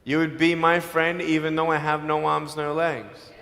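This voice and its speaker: A man giving a motivational speech to students, telling stories with humor and swinging between loud and soft. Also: a little high, completely flat delivery, normal speed, gravelly, noisy background. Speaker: motivational speaker. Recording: long hall reverb.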